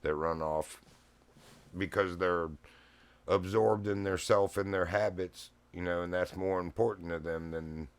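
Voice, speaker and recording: A man's voice: low voice, steady tone, measured pace, clear, resonant tone. A middle-aged man telling a rambling, folksy story at home, often laughing. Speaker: streamer. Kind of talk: casual storytelling chat. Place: home living room. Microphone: streaming mic.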